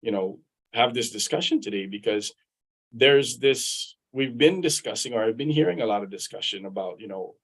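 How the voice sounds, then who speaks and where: Here the Guam-born attorney and veteran, a middle-aged man, relates personal stories in a live interview over video. His husky, mid-range voice is expressive and moves at a moderate pace, and he speaks casually, repeating words mid-thought. The recording is of low quality.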